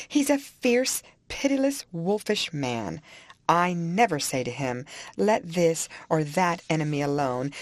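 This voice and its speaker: A woman narrator puts on a proud young mistress of the house, scornful and emphatic. Her voice stays low-set but rises and falls a great deal, and the recording is close and dry. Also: no room sound. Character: proud, sharp-tongued young lady of the house.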